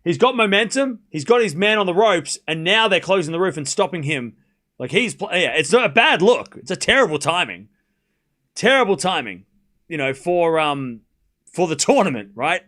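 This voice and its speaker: A man's voice: sits high, animated, moderate pace, fairly bright tone. A man hosting a live watchalong stream, calling the play and reacting bluntly, swearing freely. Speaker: streamer host.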